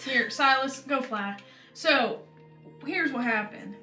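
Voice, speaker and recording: A woman's voice: high-pitched, slow pace, pushed and bright. A young woman playing a tabletop game, telling a long in-character story in a rambling way full of fillers. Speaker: player. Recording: echoey room, faint background music.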